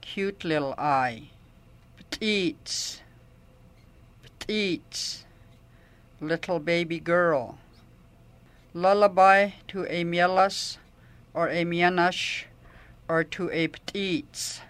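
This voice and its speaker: High, bright-voiced man singing a lullaby. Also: smooth. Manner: slow repeated words, then sings gently. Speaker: language teacher. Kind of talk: vocabulary drill and sung lullaby.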